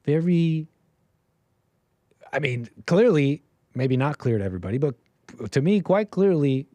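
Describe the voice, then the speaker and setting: A man hosting a livestream, ranting in commentary style with animated bursts and lots of restarts. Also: a little high, dry recording. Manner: animated, rapid restarts, sudden loud bursts. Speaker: livestream host.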